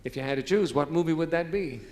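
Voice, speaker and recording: A man hosting a TV game show, jokey and excitable, laughing often between questions. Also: a little high, quick pace. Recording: old TV studio recording with loud audience. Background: studio audience.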